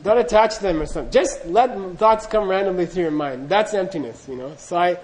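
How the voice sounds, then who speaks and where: A man's voice: high-pitched, animated, fairly quick, crowd noise, rough recording. A middle-aged man telling a humorous, self-deprecating story to an audience in a loose, anecdotal way, acting out the dialogue. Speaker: speaker recounting monastery training.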